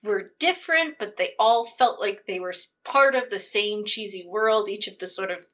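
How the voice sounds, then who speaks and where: A woman's voice: mid-range voice, moderate pace, a bit bright. A woman co-hosting a podcast, chatting casually about a movie, laughing often and trailing off mid-sentence. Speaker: podcast co-host. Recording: dull lo-fi audio.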